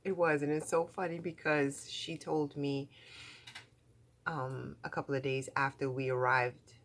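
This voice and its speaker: A woman's voice: sits low, flat delivery, measured pace, a little hiss or hum. A middle-aged woman vlogging from home in casual chat, talking in a chatty, emphatic way with lots of fillers and repeated words. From New York.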